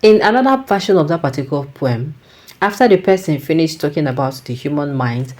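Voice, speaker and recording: A woman's voice: low-pitched, expressive, fairly quick, a little mellow. A Nigerian woman giving reflective casual commentary, slipping into Pidgin and restarting her sentences.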